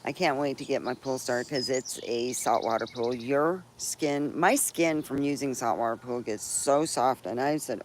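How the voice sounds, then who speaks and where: A woman's voice: a bass voice, normal speed, few pauses. Rambling cheerful woman outdoors. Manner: rambling and cheerful, with frequent laughs and restarts. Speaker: live-stream host. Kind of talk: casual live-stream chat. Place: outdoors in a backyard under a tree. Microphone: phone live stream. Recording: noisy outdoor phone stream. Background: birds and chickens around.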